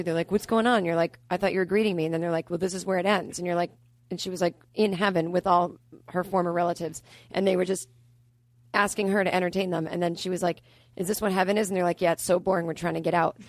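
A woman comedian guest on a podcast, telling a dark, absurd story in a deadpan, run-on way. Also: lowish voice, quick pace, no echo. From Boston area.

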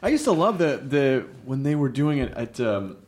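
A man co-hosting a comedy podcast, joking and throwing in quick bits during casual chat. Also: mid-range voice, very animated, darkish tone. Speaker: podcast co-host.

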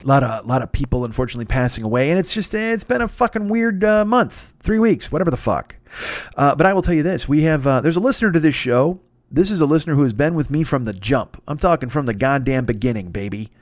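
Male podcast host, casual ad read, rambling, profane, quick delivery, dry studio sound. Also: mid-range voice, dry recording.

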